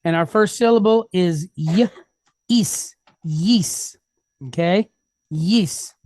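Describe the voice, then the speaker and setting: Slow, patient woman teaching. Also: lowish voice, darkish tone, no room sound, studio quality. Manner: sounds out syllables slowly, step by step; patient, checks in with the class. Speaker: Hebrew reading teacher. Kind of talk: classroom lesson.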